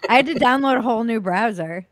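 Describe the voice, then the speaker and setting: American woman comic on a video call, dry sound, quick wry chatter. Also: fairly high pitch, no echo. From United States. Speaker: guest comedian. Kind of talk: casual chat.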